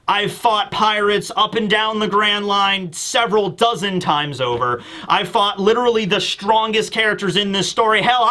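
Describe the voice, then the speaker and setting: A boastful old cartoon navy hero who does as he pleases and shrugs off every rule, as a man puts him on. His voice sits fairly high and bright, and he speaks bluntly and proudly. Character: old easygoing male navy hero, defiant.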